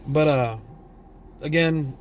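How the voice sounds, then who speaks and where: A man's voice: fairly high pitch, slow pace, a little hiss or hum. A tired man from Texas with a Southern drawl, vlogging a blunt, profane, rambling rant. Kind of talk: casual opinion rant.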